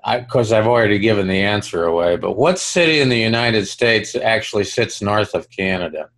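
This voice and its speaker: A man's voice: on the low side, fairly quick, fairly bright tone. A man co-hosting a podcast in easygoing casual chat, laughing along. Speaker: podcast co-host.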